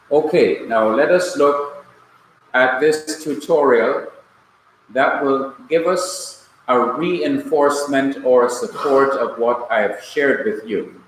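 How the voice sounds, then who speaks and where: A man from Jamaica teaching a Hebrew grammar class, explaining slowly and deliberately in a classroom. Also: medium pitch. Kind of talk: classroom lecture. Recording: very echoey room, faint hum.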